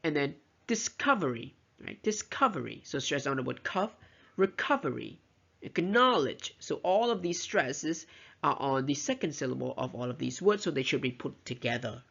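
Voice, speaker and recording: A woman's voice: extremely low pitch, lively intonation, fairly quick, vocal fry. A woman giving a recorded lecture on teaching pronunciation, explaining step by step and often checking in with "right?" and "you know". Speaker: teacher trainer. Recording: dull lo-fi recording.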